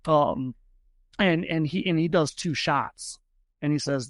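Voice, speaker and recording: Rambling game master, higher voice. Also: male voice, slow pace, dry recording. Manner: rambling, many fillers and restarts. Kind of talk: narrating a tabletop game.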